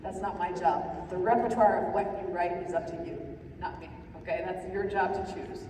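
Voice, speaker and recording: A woman's voice: on the low side, fairly even intonation, moderate pace, background noise. A woman leading a songwriting workshop, explaining step by step, checking in with "right?" and now and then singing a short example line. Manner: sings short example phrases. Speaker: songwriting teacher. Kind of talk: workshop lecture. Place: classroom. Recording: echoey room from a distance.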